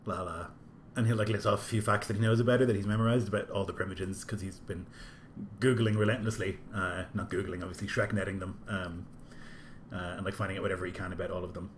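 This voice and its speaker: Low-voiced man describing his character. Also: fairly even intonation, quick pace, a little hiss or hum. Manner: casual, rambling with fillers. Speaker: player. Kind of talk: tabletop role-play narration.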